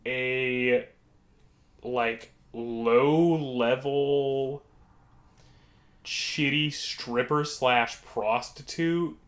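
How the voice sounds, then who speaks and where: A man's voice: medium pitch, drawn-out words, fairly bright tone. A man co-hosting a podcast, telling casual stories in a rambling way full of fillers. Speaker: podcast co-host. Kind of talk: casual storytelling.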